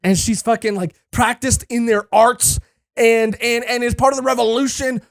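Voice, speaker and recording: A man co-hosting a podcast, chatting casually, excitable and profane, rambling with lots of fillers. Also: extremely high pitch, normal speed, gravelly, dry recording, studio quality. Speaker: podcast co-host. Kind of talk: casual chat.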